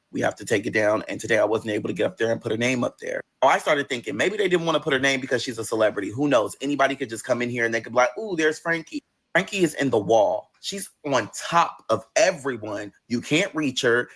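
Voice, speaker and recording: A man telling a personal story in a casual vlog, animated and profane, acting out the other people's voices. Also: mid-range voice. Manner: animated, swears often, acts out voices. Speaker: vlogger.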